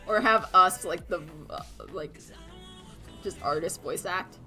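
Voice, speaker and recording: A woman's voice: lowish voice, slow pace, pushed and bright, soft background music. A young woman chatting casually on a livestream, giggly and rambling with lots of fillers. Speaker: streamer and artist.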